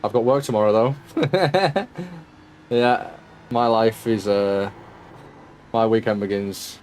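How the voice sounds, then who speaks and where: A tired, yawning man chats from home while streaming a racing sim, his voice sitting low. He is laid-back and jokey, greeting his viewers by name, with a faint hiss underneath. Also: level tone, takes it slowly, a little mellow. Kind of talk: casual live-stream chat with viewers.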